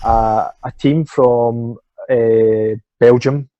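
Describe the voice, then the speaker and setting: Scottish man telling a lively story. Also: mid-range voice, drawn-out words, no room sound, muffled recording. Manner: animated anecdotes, swears freely, acts out quoted voices. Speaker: swimming coach, guest. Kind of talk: casual storytelling interview.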